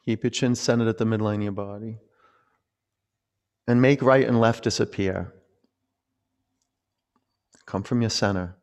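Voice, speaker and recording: A young man leading a yoga class, giving calm cues and counting reps aloud. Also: lowish voice, measured pace, long pauses, clean tone. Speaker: yoga instructor.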